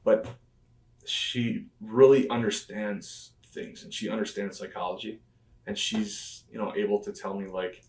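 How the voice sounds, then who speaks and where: A man's voice: fairly low pitch, steady tone, a little slow, darkish tone. A man being interviewed, telling stories in a loose, rambling way with plenty of fillers. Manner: rambling, filler-heavy retelling of past conversations. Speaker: interview guest, professional wrestler. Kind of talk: conversational storytelling interview. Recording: echoey room, mic at a distance.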